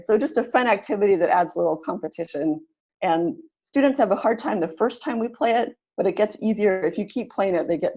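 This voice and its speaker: A woman leading an online teaching webinar, upbeat, who slows down to sound out words syllable by syllable. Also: mid-range voice, a little mellow. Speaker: teacher trainer.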